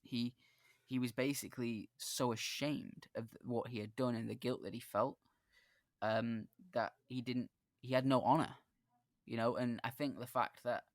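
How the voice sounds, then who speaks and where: Halting, earnest male podcast host. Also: medium pitch, fairly even intonation, no echo, studio quality. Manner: earnest, halting storyteller with many restarts. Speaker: podcast host and dungeon master. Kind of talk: casual podcast chat.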